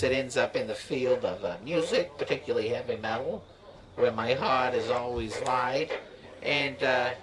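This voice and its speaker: A man's voice: mid-range voice, natural voice, low-quality recording. A man doing a sleazy bragging lawyer. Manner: swaggering, profane, rambling bravado. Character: crude boastful male lawyer, sleazy braggart.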